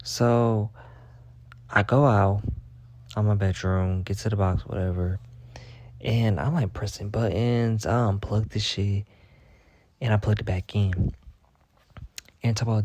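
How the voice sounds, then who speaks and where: A young man telling a rambling, profane story in a casual monologue, packed with filler words and deadpan bragging. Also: lowish voice, a little slow, long pauses, no echo. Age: young adult. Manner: rambling, heavy on "like" fillers and swearing. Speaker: vlogger.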